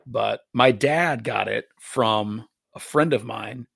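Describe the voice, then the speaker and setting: Laid-back gravelly male guest. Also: medium pitch, slow, a bit bright. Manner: laid-back, hesitant, many fillers, dry humor. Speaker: guest musician. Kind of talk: casual interview chat.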